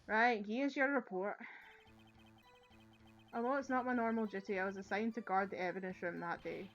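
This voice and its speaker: A woman with a Scottish accent voicing an eager, dim young male police officer who ends nearly every line with "sir", loud and earnest, reading game dialogue aloud. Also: mid-range voice, fairly even intonation, moderate pace, dull audio, soft background music, close to an everyday voice.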